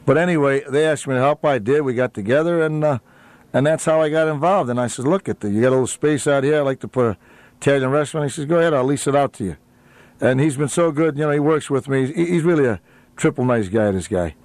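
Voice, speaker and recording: A man's voice: medium pitch, fast talker, darkish tone, dry recording. A man who owns a restaurant, talking as a radio guest in a rambling way with lots of uhs and easy laughs. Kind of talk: casual radio interview chat.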